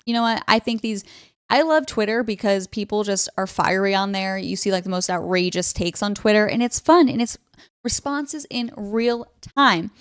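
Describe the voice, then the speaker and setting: A woman's voice: mid-range voice, normal speed, clear, resonant tone, dry recording, clean studio sound. A woman hosting casual political commentary, blunt and sarcastic, chatting about posts she reads out. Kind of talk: casual commentary reading tweets.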